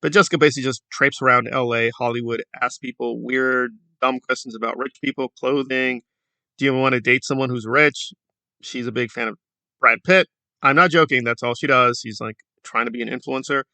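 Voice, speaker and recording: A man's voice: medium pitch, fairly even intonation, brisk, bright, forceful tone, no echo. A man giving a sarcastic, critical commentary in a casual vlog. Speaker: YouTube commentator.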